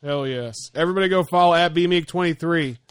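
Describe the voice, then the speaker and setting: A man's voice: fairly high pitch, quick pace, smooth, dry recording. A man hosting a podcast, talking casually with friends, swearing freely and reading out lists. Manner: laid-back, swears freely, reads lists aloud. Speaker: podcast host.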